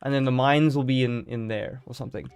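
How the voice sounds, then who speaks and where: A man's voice: mid-range voice, a little fast, a little mellow, smooth, faint music behind. A man streaming a game live, chatting casually and joking as he thinks aloud.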